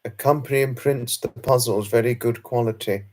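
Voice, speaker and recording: British male streamer, casual live chat, rambling and self-conscious, average pitch. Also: fairly even intonation, moderate pace, a little mellow, a little hiss or hum. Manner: chatty and rambling, with frequent fillers and self-conscious laughs. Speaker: livestream host. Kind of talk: casual live chat reading viewer comments.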